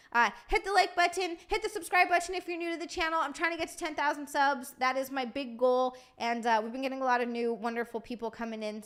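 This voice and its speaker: A woman hosting a livestream, rambling warmly through thank-yous, tired from lack of sleep. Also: high-pitched. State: sleep-deprived. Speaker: livestream host. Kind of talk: casual stream sign-off chat.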